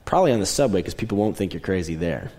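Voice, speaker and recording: A young adult pastor delivers a sermon conversationally and very fast, with lively intonation. He shifts between raised, emphatic lines and quiet, low asides.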